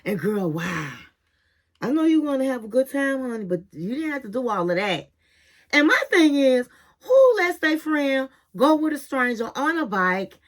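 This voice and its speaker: Sassy, animated woman recapping a reality show. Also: sits high, moderate pace. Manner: sassy, animated storytelling, calls viewers honey and girl. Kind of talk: casual chatty episode recap.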